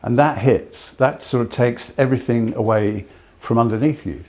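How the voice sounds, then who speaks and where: An older man giving a talk, telling personal stories in a halting way with frequent restarts. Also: medium pitch, a little mellow.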